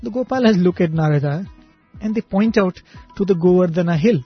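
A man earnestly retelling a devotional story in an unhurried way, with restarts. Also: high-pitched, slightly rough. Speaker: religious storyteller. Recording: dull lo-fi recording, faint music.

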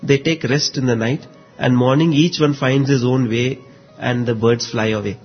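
A man retelling a spiritual parable in casual talk, often chuckling and pausing with fillers as he goes. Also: medium pitch, steady tone, husky. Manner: chuckles often while telling, many fillers. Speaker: storyteller. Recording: dull lo-fi recording with faint music.

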